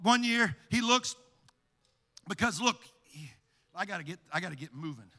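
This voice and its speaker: High, bright-voiced shouting preacher. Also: male voice, expressive, moderate pace. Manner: emphatic, repetitive, rising to shouted sing-song preaching. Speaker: pastor. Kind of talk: sermon. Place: church sanctuary. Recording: long church reverb.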